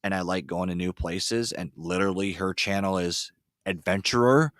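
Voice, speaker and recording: A man hosting a casual podcast, rambling with lots of fillers and telling excitable stories. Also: deep voice, moderate pace, dry recording, studio quality. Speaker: podcast host. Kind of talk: casual chat. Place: ice fishing shanty.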